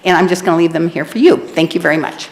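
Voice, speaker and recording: A woman's voice: on the low side, fast. A woman speaking at a city council public comment, impassioned and preachy, rambling a little, at a podium microphone in a council chamber.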